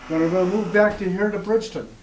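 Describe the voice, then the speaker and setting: In a small cafe gathering room, a man in his sixties tells personal stories at an open mic, haltingly and conversationally, with lots of ums and restarts. His voice is high-pitched, steady and darkish, with a little hiss or hum, and the room is echoey with faint ambience.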